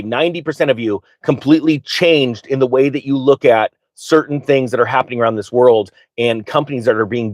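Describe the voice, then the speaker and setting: Excitable man hosting a live finance show. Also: mid-range voice, dry recording. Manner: excitable, restarts and stutters often; direct, addresses viewers and asks them to type answers. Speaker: finance livestream host. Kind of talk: live unscripted finance talk.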